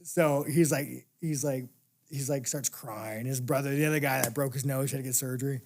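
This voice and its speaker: A man sits in as a guest for a casual interview, and his voice has a rough, gravelly edge. He tells his stories bluntly and swears freely. He often breaks into laughter as he talks. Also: medium pitch, fairly even intonation, normal speed, noisy background. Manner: blunt, profane storytelling; laughs while telling stories.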